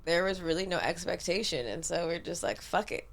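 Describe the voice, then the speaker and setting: A woman with a notably low voice chats casually on a podcast, frank and unfiltered, dropping swear words without a second thought. She is recorded in a studio, with a faint hiss of noise underneath. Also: expressive, a little fast. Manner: candid, frank, swears freely. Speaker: podcast co-host, sexologist. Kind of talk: casual chat.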